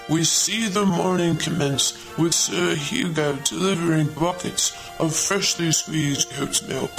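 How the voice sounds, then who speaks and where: A man plays a pompous narrator opening a mock costume drama. His voice is gravelly and slightly high, delivered slowly and grandly. Music runs clearly beneath. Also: poor audio.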